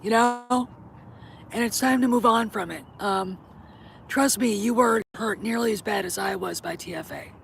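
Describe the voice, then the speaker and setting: A woman's voice: medium pitch, normal speed, creaky. A middle-aged woman talks straight to her audience in a casual vlog, blunt and opinionated, with swearing scattered through her talk. Her voice sits in a middle range. A faint hiss of background noise runs under the recording. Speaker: host.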